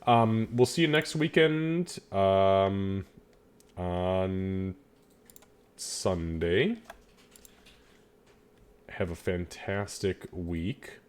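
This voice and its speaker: A man's voice: sits low, extremely slow, long pauses, smooth. A man running a tabletop game as dungeon master, chatting casually with his players and laughing often. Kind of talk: casual game wrap-up chat.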